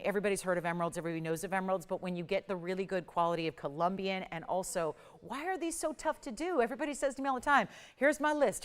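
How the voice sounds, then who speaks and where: A middle-aged woman hosting a live home shopping show, selling jewelry with upbeat, persuasive patter and excited price countdowns from a TV studio. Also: on the low side, smooth. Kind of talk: live TV jewelry sales pitch.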